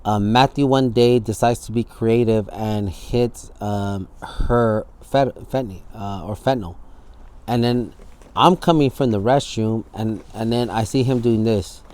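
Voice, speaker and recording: A man's voice: fairly low pitch, unhurried, darkish tone. A man, speaking in a candid documentary interview. He tells his story vividly, acting out the scenes and swearing freely. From San Francisco Bay Area.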